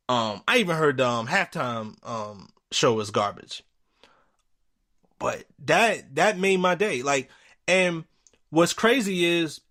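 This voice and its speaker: A man hosting a podcast, telling a story in a casual, animated way and acting out the people he quotes. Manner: animated, acts out quotes with jumps in pitch, swears freely. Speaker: podcast host.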